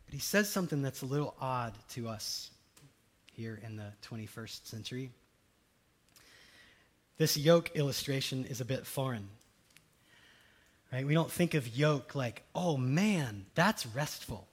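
A male pastor preaching a conversational sermon, swinging between loud emphatic lines and soft hushed ones. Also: mid-range voice, measured pace, pauses often.

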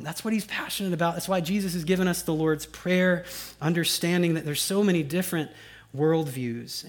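A male pastor, preaching a conversational sermon and often asking "right?" and "y'all with me?". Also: mid-range voice. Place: church.

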